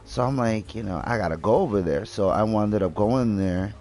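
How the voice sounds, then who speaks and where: A man's voice: lowish voice, normal speed, darkish tone. A young man chatting casually while gaming, rambling with lots of fillers and swearing freely. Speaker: gaming video host.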